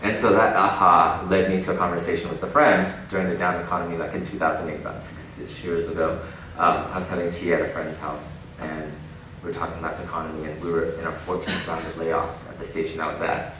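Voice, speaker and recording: A man giving an inspirational keynote talk, telling stories in an animated way with frequent laughter. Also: sits low, fast talker, hardly any pauses. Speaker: keynote speaker. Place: large conference hall. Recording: echoey hall, distant mic, noisy.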